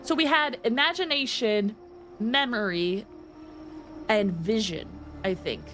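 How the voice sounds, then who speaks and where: Young woman game streamer, chatty, bit high voice, music faint behind. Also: takes it slowly, fairly bright tone. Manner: chatty, reads game dialogue aloud, playful asides. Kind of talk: casual game stream commentary.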